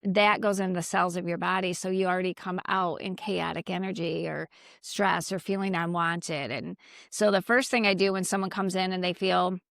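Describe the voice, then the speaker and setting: A woman who works as a psychic medium, chatting earnestly and gently coaxing unseen spirits during a walk outdoors in a cemetery. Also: fairly low pitch, steady tone, normal speed, gravelly, dry recording, studio quality. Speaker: psychic medium and energy healer. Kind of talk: casual talk during a graveyard walk.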